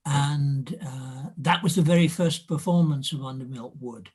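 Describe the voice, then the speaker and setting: A man's voice: medium pitch, darkish tone, slightly rough. A man from Scotland who talks with a polished RP English accent, chatting casually and telling anecdotes. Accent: RP English with Scottish roots. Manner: chatty, anecdotal, slows for quoted lines. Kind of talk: casual chat on a video call.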